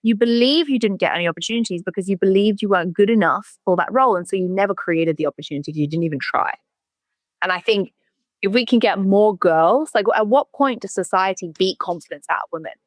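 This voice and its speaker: A woman talks quickly and bluntly as a podcast guest, leaning hard on her points and dropping the odd swear word. Her voice sits at an ordinary middle pitch. The recording is close and dry, with no room sound. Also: dry recording. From United Kingdom. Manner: blunt, emphatic, swears casually. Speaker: guest, agency founder. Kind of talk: casual interview chat.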